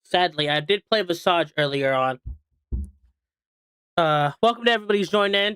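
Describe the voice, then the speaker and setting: A man's voice: high voice, normal speed, long pauses, pushed and bright, clean tone, no room sound, clean studio sound. A man streaming and chatting casually while eating, rambling with lots of fillers and restarts. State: hiccuping.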